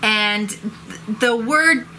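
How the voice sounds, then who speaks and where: Chatty woman vlogger, bright tense voice, a bit high, faint hiss behind. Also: extremely slow. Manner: animated, expressive. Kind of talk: casual talking-head vlog.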